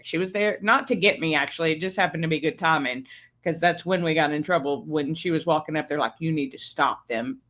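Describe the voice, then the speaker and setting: With a deep yet fairly bright voice, a woman in her fifties chats casually on her birthday livestream as host. She shares stories and laughs a lot, recorded on a streaming setup mic.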